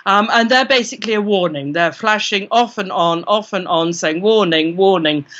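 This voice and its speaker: A woman's voice: fairly low pitch, bright, forceful tone. A British woman, an interview guest, telling a vivid first-person story and acting out her own inner voice. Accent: British English. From Britain. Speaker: guest, parapsychologist. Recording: dull lo-fi recording.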